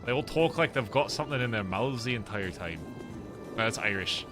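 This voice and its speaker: Speaking over music, an Englishman streams a roleplay game in a fairly low, expressive voice at a brisk clip. He rambles to his viewers in casual chat, mocking himself and laughing at what he says.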